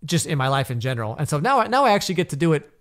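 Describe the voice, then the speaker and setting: A man's voice: fairly high pitch, very animated, racing, fairly bright tone. A man in his thirties, a podcast guest, chatting casually in a rambling way with many restarts. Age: 30s.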